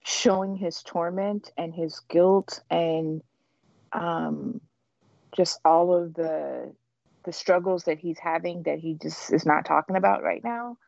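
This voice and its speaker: Female podcast co-host, low and mellow, chatty and rambling, on dry lo-fi audio. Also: slow pace, gravelly, dry recording. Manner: rambling, with many fillers and restarts. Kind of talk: casual TV recap chat.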